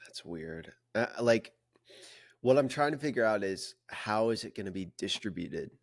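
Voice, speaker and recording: A man co-hosting a casual podcast, giving his opinions and clearing his throat now and then. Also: on the low side, normal speed, dry recording, studio quality. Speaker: podcast co-host.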